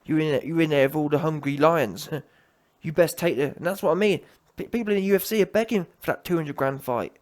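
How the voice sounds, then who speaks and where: A man's voice: a little high, brisk, a little mellow. A man giving a heated, emphatic solo rant as a boxing commentator, often breaking off and restarting his sentences.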